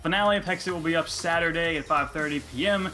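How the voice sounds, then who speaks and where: A man's voice: a little high, fast talker, bright, forceful tone, faint music behind. A man co-hosting a video game let's play, chatting casually and teasing his partner, then signing off the episode. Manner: joking, teasing, wraps up the episode. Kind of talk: casual gameplay chat.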